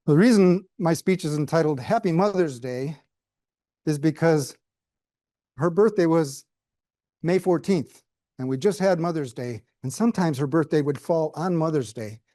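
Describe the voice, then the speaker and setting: A man's voice: fairly high pitch, measured pace, long pauses, mellow, no echo. A middle-aged man giving a prepared speech with humorous storytelling, dry asides and questions to the audience. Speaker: club speaker.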